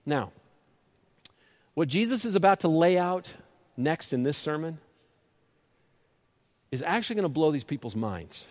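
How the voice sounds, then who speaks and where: A pastor preaches an impassioned sermon, swinging between loud peaks and soft, low appeals while often repeating and restarting words. His delivery is sing-song and a little slow, broken by long pauses.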